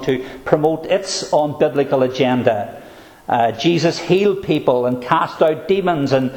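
A man preaching a sermon, earnest and emphatic, slowing down to stress key phrases. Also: mid-range voice, a little mellow, roomy sound, rough recording.

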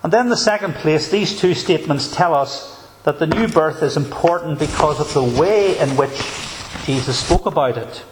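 A man, a pastor, preaching a sermon in an emphatic, measured way with deliberate pauses. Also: a little high, slight background noise.

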